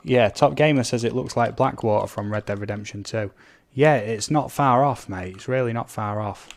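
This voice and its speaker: A gaming live streamer with a creaky, mid-range voice talks casually at a normal speed while playing, reading viewer comments aloud and letting out little sound effects.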